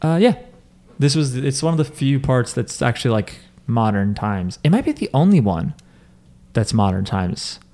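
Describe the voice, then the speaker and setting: A man's voice: medium pitch, animated, normal speed, mellow. A young man hosting a podcast, recapping an anime in casual, joking chat and swearing freely. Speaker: podcast host.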